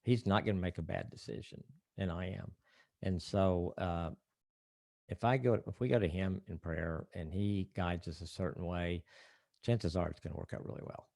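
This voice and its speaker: Deep-voiced older man, earnest and reflective. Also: steady tone, moderate pace, vocal fry, a little mellow, dry recording. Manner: earnest, reflective, rambling with restarts. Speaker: marriage counselor guest. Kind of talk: casual podcast interview.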